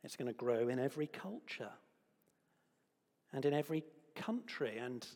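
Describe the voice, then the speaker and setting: A man preaching a lively sermon with playful asides and props in a church. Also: medium pitch, moderate pace. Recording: long hall reverb.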